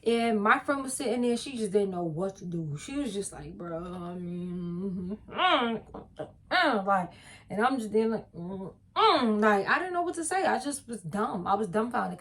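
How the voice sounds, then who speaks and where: Blunt, animated young woman telling a story. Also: on the high side, slight background noise. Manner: animated, blunt and profane, emphatic. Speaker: vlogger. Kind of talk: casual storytime.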